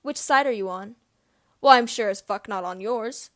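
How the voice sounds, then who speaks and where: A woman's voice: fairly high pitch, a little fast, lightly acted. A woman voicing a spiteful, sneering teenage boy wizard in an amateur audiobook reading. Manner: sneering, mocking.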